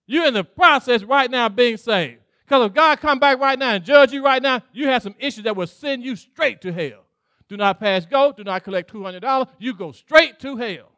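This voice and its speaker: High, bright-voiced pastor preaching. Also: male voice, moderate pace, no echo, studio quality. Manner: preaching with call-outs, acting out God's voice, laughing. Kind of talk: sermon.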